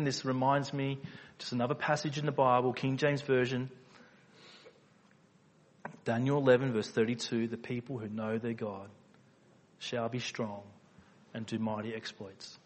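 In a reverberant church hall, a man delivers a sermon full of rhetorical questions and repeated phrases for emphasis, moving from quiet, low stretches to loud, emphatic peaks.

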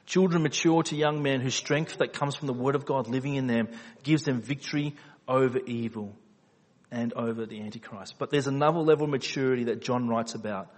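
A man preaching a sermon, asking rhetorical questions and repeating phrases for emphasis, moving between quiet low stretches and loud emphatic peaks. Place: church hall. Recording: reverberant hall.

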